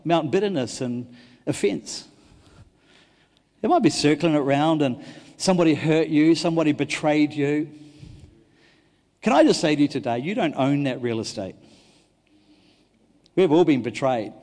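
A man, a pastor preaching a sermon, telling stories and swinging between loud and hushed delivery. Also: a little high. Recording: long hall reverb.

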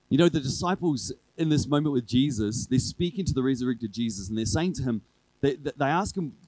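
A man preaching a sermon to his church in a relaxed, conversational way, driving his points home with repeated refrains. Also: medium pitch, brisk, no echo, rough recording. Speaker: pastor. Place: church service with a congregation.

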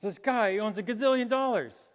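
A man preaching a sermon, animated, chuckling and acting out the voices of the people he quotes. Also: sits high, a little fast. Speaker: pastor. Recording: long hall reverb.

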